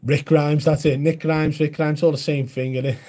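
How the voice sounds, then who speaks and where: A man's voice: a little high, steady tone, a little slow. A man chatting casually on a live stream, answering viewer comments in a blunt, chatty way.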